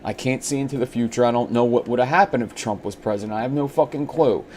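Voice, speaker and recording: A man's voice: mid-range voice, fast, darkish tone, slight background noise. An American man from Pennsylvania, hosting casual, rambling chat with frequent swearing. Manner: rambling, laughing easily, swearing. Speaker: podcast host.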